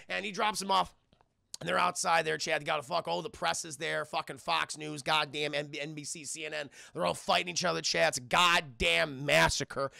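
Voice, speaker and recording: Gravelly, profane male streamer. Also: on the high side, steady tone, normal speed, sharp tone, dry recording, clean studio sound. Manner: profane, rambling, addresses chat. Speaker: film reviewer streamer. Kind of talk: live-stream film recap.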